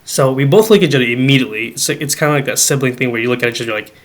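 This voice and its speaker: A young man's mid-range voice races as he tells a family ghost story as a podcast guest. The chat is casual and animated, with quoted dialogue acted out and frequent fillers like "like" and "um."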